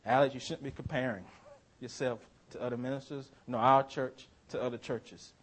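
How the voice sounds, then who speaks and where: A man voicing his wife, a woman who speaks calmly and reassuringly, in his own everyday voice. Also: mid-range voice, moderate pace, lightly acted, poor audio.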